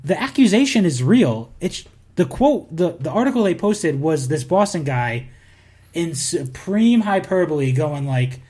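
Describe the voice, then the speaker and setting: A man's voice: on the high side, very animated, darkish tone. A man co-hosting a casual sports podcast, talking in a heated, emphatic rant. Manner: heated ranting, quick and emphatic. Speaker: podcast co-host.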